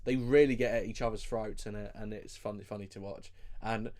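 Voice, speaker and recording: A man's voice: lowish voice, fairly even intonation, fairly quick, a little mellow. A man co-hosting a podcast in casual chat, swearing freely and laughing often. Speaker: podcast co-host.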